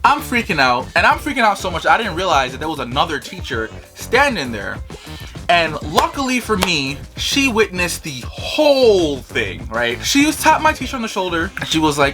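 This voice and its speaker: A man telling a funny childhood story in a casual, animated vlog style, swearing freely. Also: sits high, moderate pace, soft background music. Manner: animated, swearing, lots of fillers. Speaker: vlogger.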